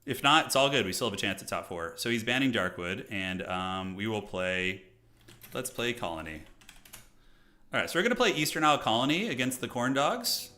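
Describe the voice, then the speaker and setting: Chatty streamer, bright voice. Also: male voice, mid-range voice, animated, a little fast. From United States. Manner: chatty, talks to chat, joking asides. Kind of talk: casual live-stream game commentary.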